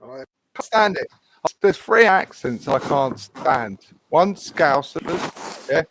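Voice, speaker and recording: A man chatting casually, blunt and animated, repeating himself as he talks. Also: on the high side, slow, a little hiss or hum, low-quality recording. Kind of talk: casual chat.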